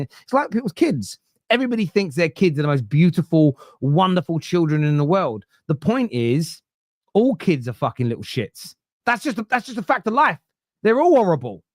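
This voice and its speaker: A man's voice: on the high side, dry recording, clean studio sound. A man hosting a football podcast, ranting casually with swearing, digressions and mocking asides. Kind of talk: casual opinionated rant.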